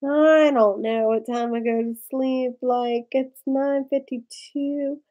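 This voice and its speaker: A woman's voice: high voice, fairly even intonation, slow, mellow, muffled recording. A woman vlogger, drunk and rambling through a story, full of "like". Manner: rambling, lots of "like". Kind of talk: tipsy casual storytelling.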